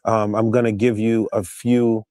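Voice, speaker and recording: A man's voice: fairly low pitch, little pitch movement, measured pace, warm tone, no echo, clean studio sound. A man talking casually on a podcast, explaining things loosely and often asking "you know what I'm saying". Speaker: podcast guest.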